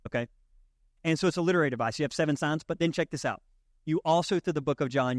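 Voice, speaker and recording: A man's voice: medium pitch, moderate pace, no echo, studio quality. A male pastor preaching a sermon in a conversational way, often checking in with his listeners.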